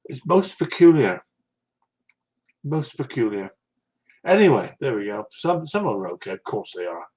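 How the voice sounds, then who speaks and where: A man's voice: mid-range voice, a little mellow. Chatty West Country man, dull lo-fi audio. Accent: West Country English. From South West England. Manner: rambling, chatty, answers viewers' comments with laughs. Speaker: live streamer. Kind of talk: casual live-stream chat.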